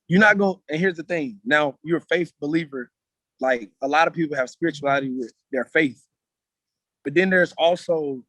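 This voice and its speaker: A man's voice: a little high, a bit bright, no room sound. Slangy, earnest man, dry sound. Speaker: meeting guest speaker. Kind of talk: casual video-call talk.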